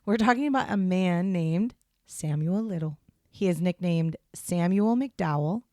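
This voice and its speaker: A woman's voice: fairly low pitch, measured pace, a little mellow, no echo, clean studio sound. A woman co-hosting a casual true crime podcast, chatting in a rambling way with fillers, recording in a small hotel room. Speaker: podcast co-host. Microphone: headphones and portable podcast setup.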